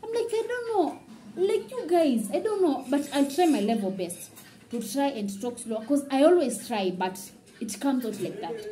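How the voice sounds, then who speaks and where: A woman vlogger from Kenya telling a story in a casual, very fast, run-on way. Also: on the high side, dark tone, a little hiss or hum, poor audio.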